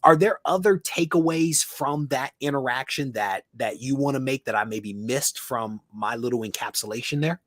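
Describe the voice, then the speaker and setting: A man's voice: mid-range voice, normal speed, hardly any pauses, fairly bright tone, no echo, studio quality. A man hosting a live stream, encouraging his guest and summing up his points. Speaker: host. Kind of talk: live-stream talk show.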